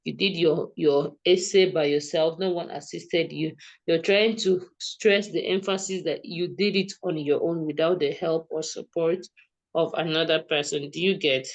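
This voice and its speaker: A woman's voice: sits low, steady tone, normal speed, low-quality recording. A woman tutoring English grammar over a video call, explaining patiently and often checking that her student understands. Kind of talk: online one-to-one grammar lesson.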